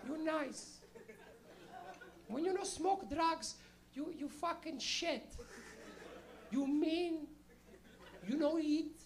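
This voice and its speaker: A woman's voice: high voice, extremely slow, long pauses, a little mellow, pitched above the performer's own voice. A man voicing a tiny Portuguese immigrant mother with a Portuguese accent, nagging in broken English in a stand-up bit. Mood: coaxing. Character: tiny scolding immigrant mother, middle-aged. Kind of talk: stand-up comedy impression.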